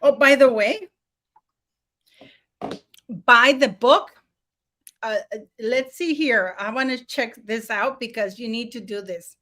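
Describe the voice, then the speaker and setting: A woman's voice: fairly high pitch, slow, long pauses, bright, forceful tone. A woman hosting a casual live stream, rambling with many fillers and restarts and laughing often.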